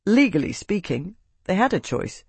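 A man's voice: sits high, sing-song, vocal fry, slightly rough, dry recording, pitched above the performer's own voice, full character voice. Man voicing a composed young knight commander. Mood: measured. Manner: measured, precise, quietly dry.

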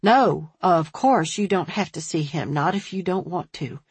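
A woman's voice: lowish voice, unhurried, darkish tone, slightly rough, no echo, full character voice. A woman voicing an earnest, puzzled sheriff. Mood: reassuring. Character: earnest, puzzled small-town male sheriff.

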